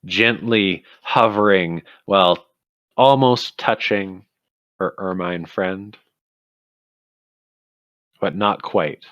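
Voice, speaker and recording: A man narrating a tabletop game as game master, in slow, measured sentences. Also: low-pitched, fairly bright tone, no room sound, highs cut off.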